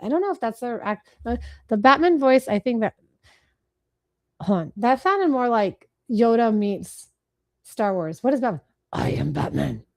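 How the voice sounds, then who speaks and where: A woman in her thirties hosting a live marketing webinar from her computer, talking fast and rambling, self-deprecating, now and then trying silly voices. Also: on the high side, very animated. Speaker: webinar host, marketing speaker. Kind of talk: casual live webinar talk. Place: home office, talking to a computer.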